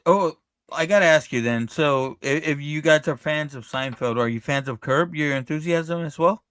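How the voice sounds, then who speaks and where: Easygoing podcast host, dry sound. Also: male voice, a little high, moderate pace, a bit bright, clear, resonant tone, no echo. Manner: easygoing, short affirmations. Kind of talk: casual chat.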